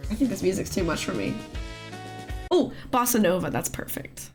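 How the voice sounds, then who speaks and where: A woman with a hoarse voice after an illness, hosting a casual live art class and greeting chat in a sing-song way. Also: medium pitch, sing-song, normal speed. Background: soft music.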